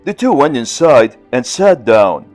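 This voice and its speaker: A man narrating a classic novel as an audiobook, in measured storytelling. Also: dry recording, faint music behind. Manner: measured storytelling, lively in pitch.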